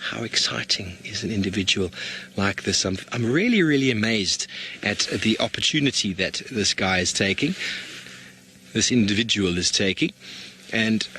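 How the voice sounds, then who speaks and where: A man giving live wildlife commentary as a safari guide outdoors, excited and often restarting his phrases. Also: medium pitch, slight background noise.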